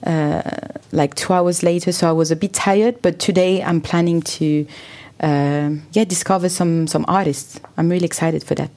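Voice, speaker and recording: A woman musician talking casually in an interview in English, a second language for her, often pausing to search for words. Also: on the low side, steady tone, mellow. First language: not English. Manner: searching for words, frequent fillers. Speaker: musician guest.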